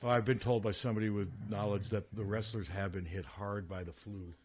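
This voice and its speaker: A man with a somewhat low voice hosts a relaxed sports radio show from the studio. He chats freely, laughs easily and often breaks off to restart his sentences. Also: brisk, slight background noise. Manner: chatty, prone to laughing, many restarts. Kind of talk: casual sports radio chat.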